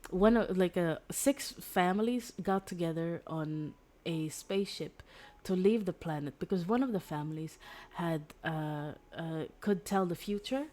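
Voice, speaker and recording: Rambling woman streamer with a low voice. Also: measured pace, hardly any pauses, darkish tone. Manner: rambling, filler-heavy, self-correcting. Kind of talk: casual chat retelling a story.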